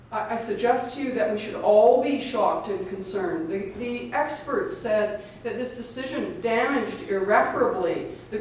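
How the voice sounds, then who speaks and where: A woman, a lawyer and advocate, gives an earnest, hurried public speech at an event, often restarting her sentences. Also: mid-range voice. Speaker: lawyer and advocate speaking at a rally. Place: lecture hall at a public event. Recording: echoey hall, far from the mic, faint noise.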